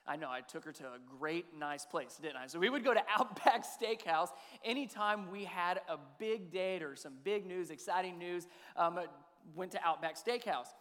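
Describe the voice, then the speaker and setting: A man's voice: sits high, normal speed, fairly bright tone, long reverb tail. A man in his thirties preaching a sermon as pastor, chatty and conversational, often asking his listeners questions. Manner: conversational, asks the audience questions.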